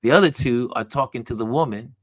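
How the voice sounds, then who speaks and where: A man hosting a motivational talk, telling a personal story and acting out the dialogue with animated delivery. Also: mid-range voice, a little fast, no room sound, studio quality. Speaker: host.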